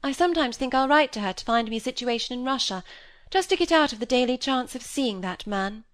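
A woman voicing a lively, flippant young woman who talks in a breezy, dismissive way. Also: fairly high pitch, fairly quick, no echo, voice pushed up. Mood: restless.

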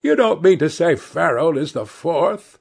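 A man's voice: a little high, lively intonation, unhurried, creaky, husky, voice pushed up, exaggerated voice. A man reading aloud and voicing a gossipy, teasing old society hostess with a raised, exclamatory voice.

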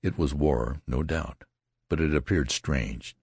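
A man reading a classic novel aloud as an audiobook narrator, expressive and unhurried. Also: very deep voice, slightly rough, no room sound, clean studio sound.

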